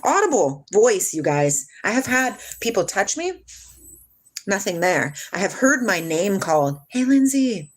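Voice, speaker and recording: A woman's voice: medium pitch, sing-song, measured pace. A woman telling a personal story to her live chat, rambling and emotional, swearing, losing her train of thought and starting over.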